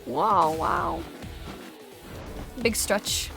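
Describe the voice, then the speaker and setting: A young woman casually commenting on a game she is livestreaming, excitable and joking, swearing freely. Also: on the high side, drawn-out words, gravelly, faint music behind. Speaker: streamer.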